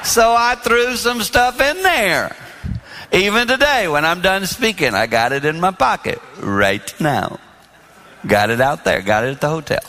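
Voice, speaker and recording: A man in his sixties with a high voice preaches a sermon on marriage to a large audience in a hall with long reverb. At a measured pace, he tells stories as an animated pastor, acting out the dialogue.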